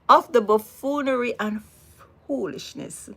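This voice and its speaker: Slow, gravelly Jamaican woman livestreaming. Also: fairly low pitch, a bit bright. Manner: slow, emphatic, repeats words, sighs. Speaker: livestream host. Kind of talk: casual livestream commentary.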